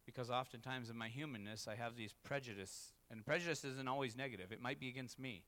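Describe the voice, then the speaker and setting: A man's voice: mid-range voice, fast talker, fairly bright tone. A man, a pastor, preaching a candid, confessional sermon that rises to emphatic peaks. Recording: long reverb in a hall.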